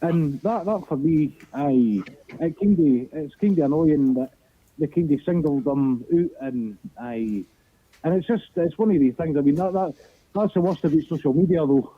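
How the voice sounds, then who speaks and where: A man's voice: a little high, normal speed, breathy edge. A man with an Edinburgh Scottish accent, calling in to a football phone-in show, rambling with lots of stumbling restarts and casual swearing. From Scotland. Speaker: caller. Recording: dry tinny phone line.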